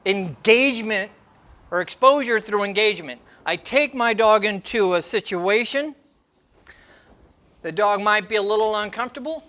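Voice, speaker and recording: On a show's advice segment, a dog trainer with a sharp, high-pitched voice responds to questions. He speaks emphatically, breaking training demonstrations into brief acted-out bursts.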